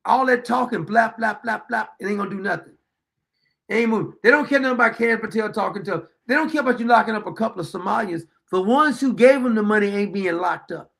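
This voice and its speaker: A man's voice: high-pitched, fast talker, creaky, a bit bright. A man hosting his own political commentary show, ranting bluntly and. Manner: blunt, profane, fired-up ranting.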